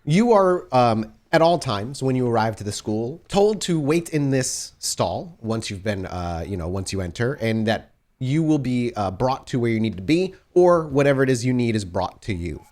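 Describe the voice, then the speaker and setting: A man's voice: mid-range voice, sing-song, normal speed, hardly any pauses, darkish tone. A man working as game master, narrating scenes to the players in the second person.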